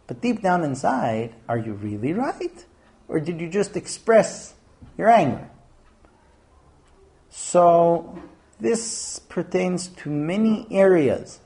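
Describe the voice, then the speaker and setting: Male class teacher, animated and lively in pitch, dark mellow tone. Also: takes it slowly, gravelly. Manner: animated, acts out scenes in different voices. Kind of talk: lecture to a class.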